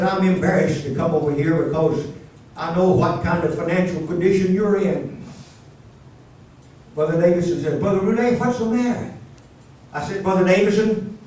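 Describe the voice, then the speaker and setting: A man's voice: high voice, darkish tone. An older man preaching, telling a personal testimony in a folksy, emotional way with stammering restarts. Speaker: pastor. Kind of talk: storytelling sermon. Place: church sanctuary. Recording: echoey church from far off.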